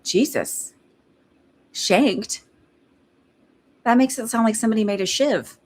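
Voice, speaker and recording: A woman's voice: on the high side, slow. A woman giving a psychic reading in casual live-stream chat, rambling with lots of fillers and laughing between thoughts. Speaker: psychic medium.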